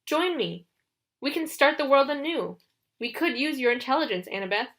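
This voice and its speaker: A woman reading an audiobook, voicing a smooth, mocking young male villain who taunts the heroes. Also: high-pitched, animated, normal speed, a bit bright, pitched above the performer's own voice. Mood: taunting.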